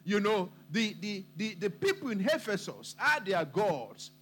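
A man's voice: high-pitched, very animated, measured pace, a bit bright, slightly rough, faint music behind. A man preaching a sermon to his congregation, emphatic and repeating his points for weight.

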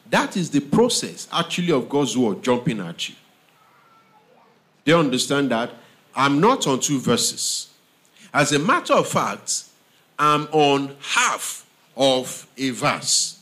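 A man preaching a sermon, slow and emphatic, repeating phrases and often asking the audience if they understand. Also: mid-range voice, big pitch swings, fairly bright tone.

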